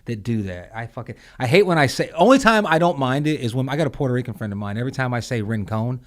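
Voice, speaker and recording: A man's voice: medium pitch, animated, quick pace. A man co-hosting a podcast in casual chat, blunt and rambling, swearing freely. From southern United States. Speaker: podcast co-host.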